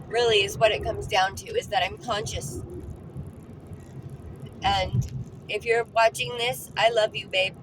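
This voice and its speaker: Earnest woman vlogging from her car. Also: on the high side. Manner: heartfelt, earnest, repeats words for emphasis. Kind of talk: personal reflective vlog. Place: in a car, driving. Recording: phone recording with clear car noise. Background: car and road noise.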